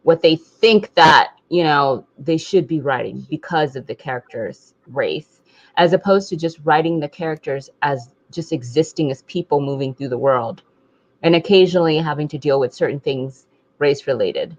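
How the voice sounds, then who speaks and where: A woman with a low voice talks books in a casual club chat, lively and given to playful impressions. The sound is a bit dull and lo-fi. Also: normal speed. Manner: animated, mimics voices with laughter. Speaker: podcast co-host. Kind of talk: casual book club discussion.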